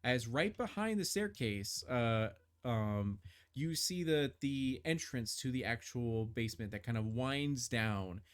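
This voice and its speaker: A man's voice: mid-range voice, animated, unhurried, clear, resonant tone. A man running a tabletop game as game master, describing scenes with many fillers and restarts.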